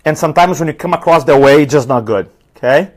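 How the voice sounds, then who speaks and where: Seminar trainer, male, thick Spanish-tinged accent, a bit high-voiced, punchy and energetic with audience. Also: quick pace. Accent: foreign accent, Spanish-influenced. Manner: energetic, rhetorical questions, numbered tips. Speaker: public speaking trainer. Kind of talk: live seminar talk. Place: event room with an audience.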